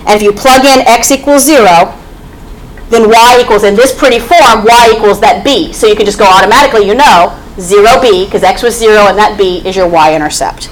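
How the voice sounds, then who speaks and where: Lady math teacher lecturing a class, mid pitch, bit of room noise behind. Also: brisk, poor audio. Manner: explanatory, repeats "okay?" to check understanding.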